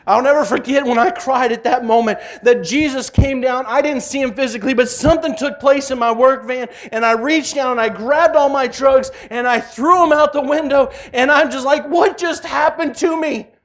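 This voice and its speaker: A man in his forties giving a passionate personal testimony in church, swinging between loud cries and hushed tones. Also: extremely high pitch, normal speed, few pauses.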